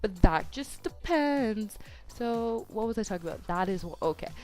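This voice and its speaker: A teenage girl chatting over a game build, soft-spoken and tongue-tied, with voice cracks and constant "like"s. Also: medium pitch, lively intonation, normal speed. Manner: chatty, self-deprecating, lots of "like", tongue-tied restarts. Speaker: YouTuber. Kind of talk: rambling voice-over chat during a speed build. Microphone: home desk microphone.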